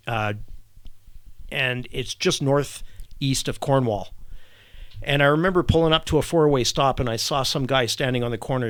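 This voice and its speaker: A middle-aged man, a retired army warrant officer who is a podcast guest, telling a personal story in a halting, reflective way and often repeating and restarting words. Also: mid-range voice, a bit bright, clear, resonant tone, dry recording. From Canada.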